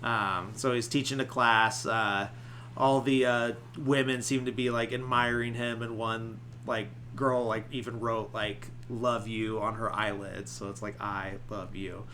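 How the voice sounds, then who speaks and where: A man's voice: mid-range voice, steady tone, measured pace, sharp tone, slight background noise. A man hosting a podcast, casually retelling a movie plot with lots of fillers. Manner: rambling, many filler likes. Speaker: podcast host. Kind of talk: casual film recap.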